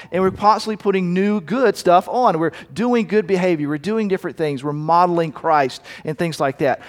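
An earnest male pastor delivers a storytelling sermon, often restarting his phrases. His voice sits a little high for a man. The recording carries the long reverb of a church hall.

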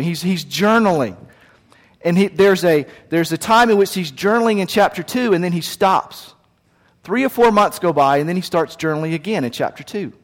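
A man preaching a sermon, telling the story with lively acted voices. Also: a little high, in a large hall. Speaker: pastor.

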